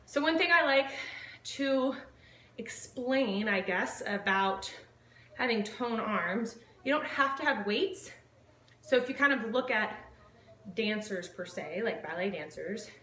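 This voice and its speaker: High-voiced woman coaching a home workout. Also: a little slow, bright, forceful tone, echoey room, distant mic, slight background noise. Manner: upbeat, counting reps aloud while exercising. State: out of breath. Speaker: fitness instructor. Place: home living room.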